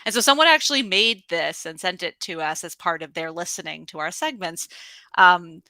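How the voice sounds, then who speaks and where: A woman with a bright, forward voice hosts a virtual trivia night. She is upbeat and chatty, laughs often and fills her pauses. The sound is dry and close. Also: on the low side, no room sound. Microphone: video call.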